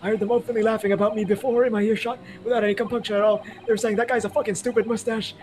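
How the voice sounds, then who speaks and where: A man's voice: high voice, little pitch movement, racing, a little mellow, lightly acted. A man reading game dialogue aloud as a panicky young foreign student accused of murder, pleading and frantic. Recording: noisy home mic.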